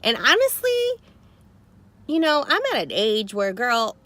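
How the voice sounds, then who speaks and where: Animated woman telling a story in her car. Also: a little high, a little slow. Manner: animated, chatty, slangy. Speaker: vlogger. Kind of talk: story time vlog.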